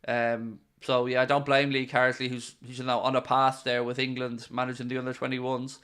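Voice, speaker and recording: A man's voice: medium pitch, little pitch movement, moderate pace, a bit bright, clean tone. An Irish man hosting a football watchalong livestream, reading viewer comments aloud and joking in casual, teasing banter.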